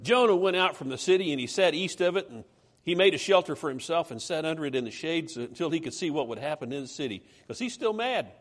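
A man preaching a sermon in a conversational, animated way, reading scripture aloud with rising emphasis. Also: a little high, fast.

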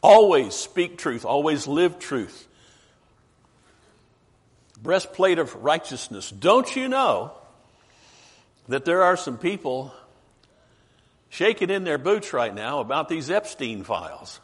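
A man preaching a sermon emphatically, asking rhetorical questions and slowing down for stress. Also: on the high side, big pitch swings, slightly rough.

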